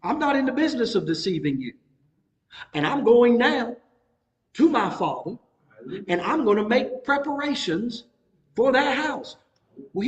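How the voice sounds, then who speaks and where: A man's voice: very high-pitched, long reverb tail. A middle-aged man, teaching a Bible study in a folksy, conversational preaching style. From North Carolina. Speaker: pastor.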